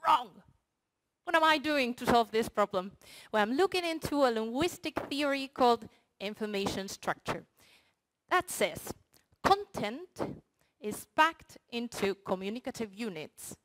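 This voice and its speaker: Playful woman pitching her research. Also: expressive, measured pace, fairly bright tone, low-quality recording. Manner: playful, addresses the audience directly with games. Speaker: researcher presenting her project. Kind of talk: short research pitch talk. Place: university hall before an audience.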